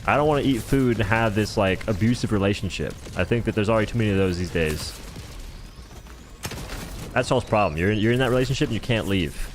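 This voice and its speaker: A man's voice: lowish voice, fast, slight background noise. A man streaming a game live, rambling and joking in casual chatter as he answers viewers' chat.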